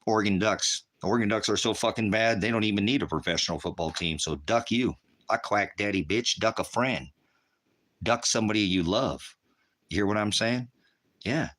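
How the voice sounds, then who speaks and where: A middle-aged man hosts an online ministry in a rambling, combative monologue. His voice is bright and forceful, and he swears freely as he jumps from one tangent to the next. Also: on the low side, normal speed. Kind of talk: profane ranting monologue.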